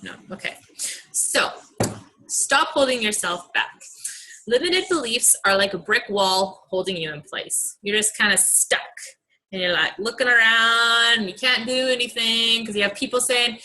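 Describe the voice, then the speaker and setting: Young woman coach, bright voice, earnest and chatty on a team call. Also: on the high side, a little slow, a little hiss or hum, rough recording. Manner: earnest, chatty, many fillers. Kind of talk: motivational team call talk.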